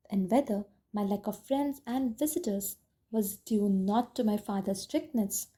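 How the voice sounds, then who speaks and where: Husky-voiced woman reading an audiobook. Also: on the high side. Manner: steady, reflective storytelling. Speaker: audiobook narrator. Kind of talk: first-person audiobook reading.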